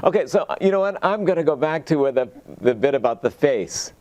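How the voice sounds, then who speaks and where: A man hosting a local TV interview, polite and a little hesitant, often pausing with "uh". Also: on the high side, animated, darkish tone, dull audio. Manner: hesitant, polite, fills gaps with uh. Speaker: host.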